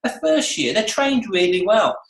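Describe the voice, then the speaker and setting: A man teaches salon staff from the front of an echoey room. His pitch jumps all over and he slips into voices of clients and staff to act out each scene. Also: very animated, normal speed, fairly bright tone. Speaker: salon coach. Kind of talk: lively seminar teaching.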